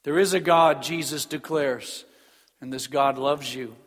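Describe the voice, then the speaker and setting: A man preaching a sermon in an earnest, emphatic way, slowing down on key phrases. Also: a little high, a bit bright. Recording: long reverb of a large hall.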